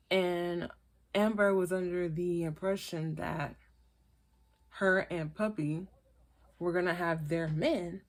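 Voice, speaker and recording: A woman casually recapping a reality show, chatty and opinionated and throwing in quick asides. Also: lowish voice. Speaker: reality TV reviewer. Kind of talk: casual gossip commentary.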